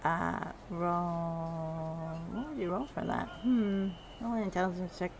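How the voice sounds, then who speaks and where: A woman running a tabletop game as game master, narrating hesitantly with many pauses. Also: lowish voice, steady tone, slight background noise.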